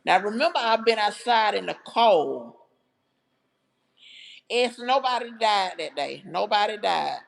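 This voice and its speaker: A woman's voice: mid-range voice, animated, unhurried, gravelly, pauses often. A woman hosting a livestream, telling a personal story to her viewers in a heartfelt, chatty way. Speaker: livestream host. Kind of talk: casual livestream storytelling to chat.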